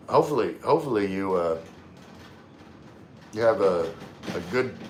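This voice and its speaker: A man's voice: lowish voice, slight background noise. Laid-back Louisiana man livestreaming. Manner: laid-back, halting, many fillers and restarts. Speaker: livestream host. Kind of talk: casual livestream chat reading comments. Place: room in the Philippines. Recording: echoey room, faint ambience.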